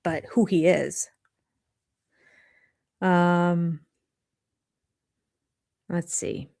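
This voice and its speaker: An older woman hosting a live chat with viewers about a reality show, casual and animated, with restarts and quoted asides. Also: on the low side, drawn-out words, creaky. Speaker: livestream host of a reality TV recap channel.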